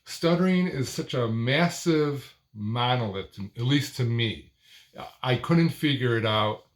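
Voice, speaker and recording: Slow, deliberate older man coaching. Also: medium pitch. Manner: speaks in short deliberate phrases, stressing a word near each phrase end; expressive, sing-song phrasing. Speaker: speaking coach. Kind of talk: instructional talk to camera.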